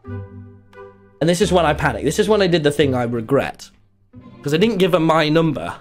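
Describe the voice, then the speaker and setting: This is a young man, chatting casually as he tells a story. His voice sits a bit high and swings widely, excitable and rambling, with frequent fillers. Faint music plays in the background. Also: normal speed. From England. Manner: rambling, excitable, many fillers and sudden yelps. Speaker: streamer telling a story.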